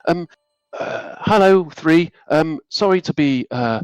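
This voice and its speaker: A man's voice: a little high, slow, smooth, no room sound, pitched above the performer's own voice. A man doing a stammering, fussy temple servant. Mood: flustered. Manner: stammering, apologetic, flustered. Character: nervous, fumbling young male temple servant.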